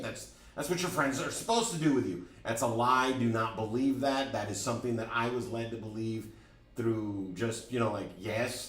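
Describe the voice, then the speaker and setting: A man teaching a driving school class, candidly telling a personal story with lively bursts and frequent restarts. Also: mid-range voice. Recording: roomy, from a distance.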